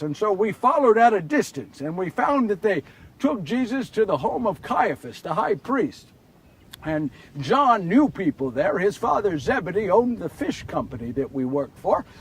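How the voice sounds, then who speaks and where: The remorseful apostle Peter, a grown man confessing his failure, as an actor plays him, in a very high, husky voice that sits a little away from the microphone. He talks in a confessional way, dropping to a hush and then rising to impassioned outbursts. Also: recorded from a distance, exaggerated voice. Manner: confessional, swinging from hushed to impassioned. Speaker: actor in a one-man biblical portrayal. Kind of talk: dramatic first-person monologue.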